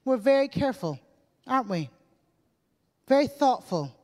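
High-pitched and very animated, with a dark tone and a moderate pace, a woman tells stories from the pulpit in a chatty sermon sprinkled with casual fillers, her words echoing through a reverberant church hall.

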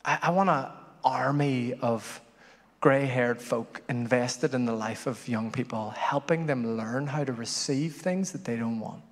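Animated male preacher in a reverberant hall. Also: medium pitch, measured pace. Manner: animated storyteller, swings from loud to hushed. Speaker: pastor. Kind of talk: sermon.

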